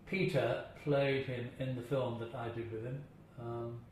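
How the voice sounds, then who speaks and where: An older interviewee, unhurried and a little mellow, talks in a mid-range voice with fairly even intonation. He tells chatty tales of his acting days, chuckling and sometimes putting on voices. Strong room echo and faint hiss color the recording.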